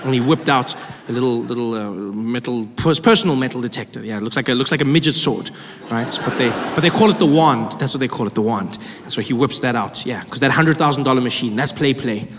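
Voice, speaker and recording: A man's voice: a little fast, background noise. A man doing stand-up comedy, telling stories animatedly and acting out the people in them. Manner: animated, acts out characters with big pitch swings. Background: audience laughter.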